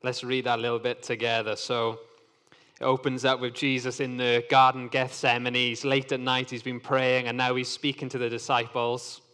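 A man's voice: medium pitch, completely flat delivery, moderate pace, sharp tone, smooth. Earnest man teaching in an echoing hall. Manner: earnest, conversational explaining. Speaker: Bible teacher. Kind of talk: Bible reading and teaching. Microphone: microphone. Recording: long hall reverb.

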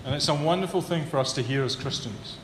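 A man preaching a sermon, building to emphatic peaks and then dropping low and earnest. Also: fast talker. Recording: echoey hall with long reverb, faint room hum.

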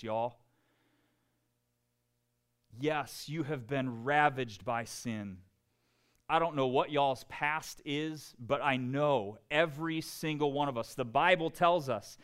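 A man preaching a sermon, earnest, dropping to soft, quiet tones for emphasis. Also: medium pitch. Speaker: pastor.

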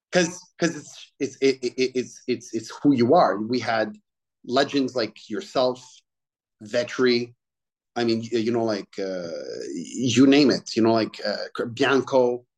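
A middle-aged man, a chef and restaurateur, talking in casual conversation, excitable and swearing freely with lots of fillers. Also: mid-range voice.

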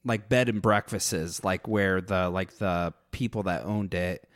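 An American man telling travel stories in casual chat, halting and full of fillers. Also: deep voice, steady tone, fairly bright tone, dry recording, studio quality. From United States. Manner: halting, filler-heavy storytelling.

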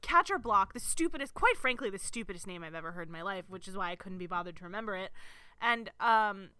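A woman's voice: medium pitch, lively intonation, quick pace, sharp tone, clear, resonant tone, no room sound. A woman co-hosting a podcast, chatting casually and bluntly, laughing often. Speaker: podcast co-host.

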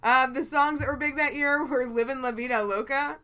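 A woman's voice: high-pitched, steady tone, fairly quick, pushed and bright. A woman co-hosting a casual chat podcast, talking freely with plenty of swearing and laughter. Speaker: podcast co-host.

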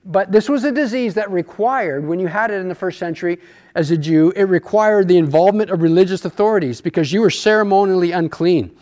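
Male Bible study teacher, high pitch, conversational, rhetorical questions. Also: a little fast, a little mellow.

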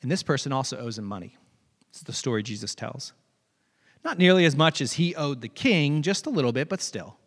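A pastor delivering a conversational sermon, retelling a parable with animated asides. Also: male voice, medium pitch, fairly quick, in a large hall. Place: church sanctuary.

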